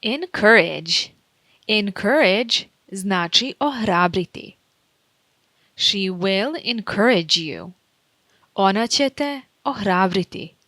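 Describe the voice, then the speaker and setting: A woman teacher reading a vocabulary drill, saying each word and example sentence slowly and deliberately, with careful enunciation. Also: medium pitch, lively intonation, bright, forceful tone. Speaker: language teacher.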